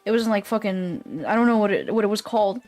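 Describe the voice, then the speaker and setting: A woman's voice: mid-range voice, expressive, quick pace, a little mellow, faint music behind. A woman streamer chatting casually with her viewers. She rambles, swears often and laughs easily. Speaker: live streamer. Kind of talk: casual live-stream chat.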